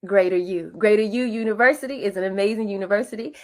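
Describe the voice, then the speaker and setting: A woman with a medium-pitched voice talks fast as she hosts a lively webinar, keeping it hyped and casual with slang and call-and-response greetings. She's coming through a computer mic on a video call.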